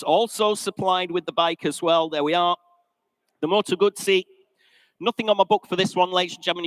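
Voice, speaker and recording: A man with an English accent calling a live classic vehicle auction in a sale room, brisk and chatty, joking with the bidders. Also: high-pitched, a bit bright, smooth, no echo, low-quality recording.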